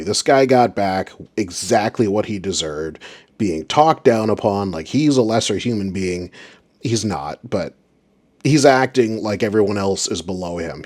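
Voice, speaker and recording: A man's voice: on the low side, a little mellow. A man hosting a review of radio recordings, giving sarcastic, exasperated commentary.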